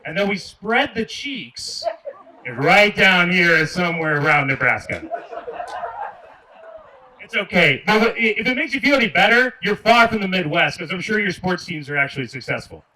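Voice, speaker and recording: A stand-up comedian from Michigan, handheld mic in hand, sarcastically ribs the people at his outdoor park show and speaks to them directly. He talks at a normal speed in a high-sitting voice that is animated, pushed and bright, captured by a far-off mic with faint noise.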